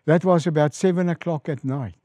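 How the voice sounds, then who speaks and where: A man's voice: fairly quick, no echo. A middle-aged man with a South African accent, a pastor telling stories from his mission work in an interview, acting out the voices of people who phoned him. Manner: animated storyteller, rises in pitch and volume acting out quoted calls. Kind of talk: storytelling in an interview.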